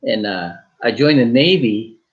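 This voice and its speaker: Joking storyteller man, lo-fi sound. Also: medium pitch. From Michigan. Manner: joking, animated, with quick quoted dialogue and restarts. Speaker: guest. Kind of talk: storytelling in a talk show interview.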